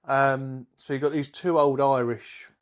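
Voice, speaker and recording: A podcast co-host rambles through jokes in casual chat, hesitating often. He speaks at a measured pace with a medium-pitched, fairly even voice.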